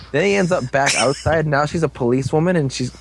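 A man's voice: a little high, fairly quick, vocal fry, noisy background. Rambling young man recapping an episode. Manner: rambling, jokey, loses his place.

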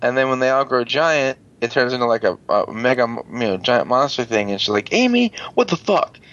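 A man's voice: fairly even intonation, a little fast, fairly bright tone. Rambling man recapping an episode, lo-fi. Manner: rambling, swears, acts out quotes in higher voices. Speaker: podcast host recapping an episode. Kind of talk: casual recap chat. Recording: dull lo-fi sound.

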